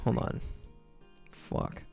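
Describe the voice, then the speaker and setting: A man's voice: drawn-out words, warm tone, soft background music. A male streamer in casual livestream chat, laid-back and profane with joking asides, reading his own script aloud.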